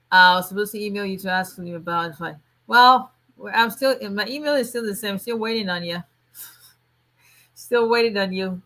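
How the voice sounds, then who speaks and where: A middle-aged woman hosts a casual livestream, greeting viewers warmly by name and chatting with frequent restarts and fillers. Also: medium pitch. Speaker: immigration attorney hosting a livestream.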